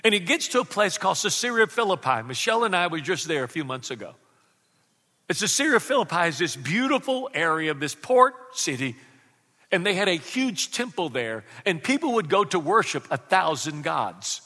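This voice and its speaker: A male pastor preaching a lively sermon and calling for responses from the congregation. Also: high voice, normal speed, long reverb tail.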